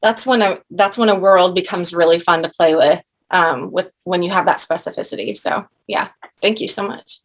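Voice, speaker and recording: A woman's voice: fairly low pitch, normal speed. A woman in her thirties, an actor and director, chatting as an interview guest, effusive and full of restarts and asides. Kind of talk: casual interview chat.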